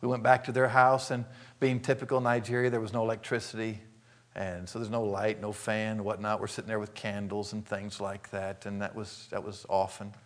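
An older man from Arkansas preaching a sermon, telling folksy stories and acting out the scenes with animated delivery. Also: lowish voice, normal speed. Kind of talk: sermon storytelling.

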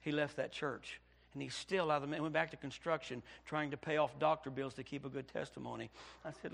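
A Baptist pastor from Indiana preaching a sermon, telling a story and swinging from hushed passages to near shouting. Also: male voice, on the high side, steady tone, a little fast, gravelly.

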